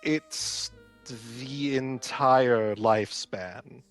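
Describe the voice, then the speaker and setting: A man voicing a flustered, bookish young male healer who gives halting, stammering explanations. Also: mid-range voice, faint music behind. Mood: hesitant.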